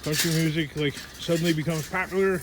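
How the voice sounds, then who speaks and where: A middle-aged man with a fairly high-pitched voice talks a little fast in this casual, rambling vlog. He drifts between thoughts and mutters to himself while handling items in a scrap-strewn work space, with steady background noise throughout.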